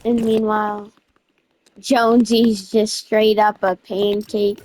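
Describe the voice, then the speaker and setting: A woman narrating a game event in a casual, excited, slangy way, restarting her sentences again and again. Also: medium pitch, slow. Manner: rambling storytelling with constant restarts. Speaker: gaming video creator.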